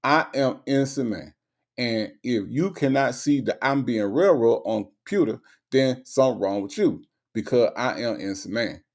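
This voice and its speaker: A man imitating another man who insists in broken English that he is innocent, in a halting, pleading way. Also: medium pitch, darkish tone.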